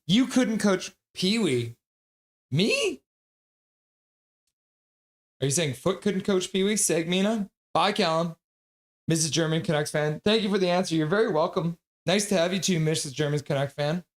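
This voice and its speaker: A man from Calgary hosting a casual live stream, reading out viewers' chat messages in a jokey way and laughing often. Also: fairly high pitch. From Calgary, Canada.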